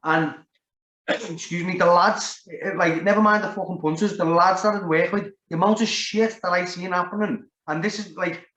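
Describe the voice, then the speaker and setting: A man's voice: high-pitched, fairly bright tone. A man with a Liverpool accent, telling a story in casual chat, rambling and swearing heavily. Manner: rambling, heavy swearing, lots of "like". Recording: roomy, dull lo-fi sound.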